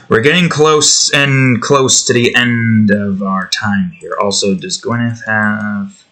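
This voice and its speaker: A man's voice: fairly low pitch, fairly even intonation, takes it slowly, pauses often, a bit bright. A man hosting an art video, rambling in a profane, sarcastic way while he draws. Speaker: art channel host. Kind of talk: casual commentary while drawing.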